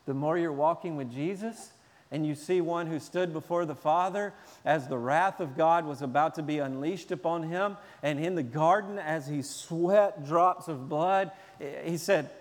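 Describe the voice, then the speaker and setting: A man preaching a sermon in an animated way, at times acting out shouting children. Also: fairly high pitch, a little slow, in a large hall. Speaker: pastor.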